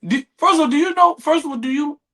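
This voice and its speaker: A man's voice: very high-pitched, quick pace, sharp tone. A man co-hosting a podcast in casual banter, slangy, with exaggerated comic outrage. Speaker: podcast co-host.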